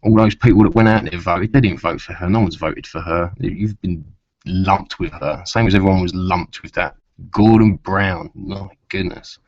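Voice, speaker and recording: A man's voice: deep voice, moderate pace, dry recording. A man chatting casually to camera in a rambling way, with many asides, and swearing when riled. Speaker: vlogger. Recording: dull lo-fi sound.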